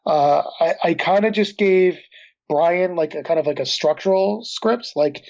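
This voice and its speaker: Halting man on dull lo-fi audio. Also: a little high, creaky, darkish tone. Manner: halting, many restarts and fillers. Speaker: guest comic creator. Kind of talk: casual interview answers.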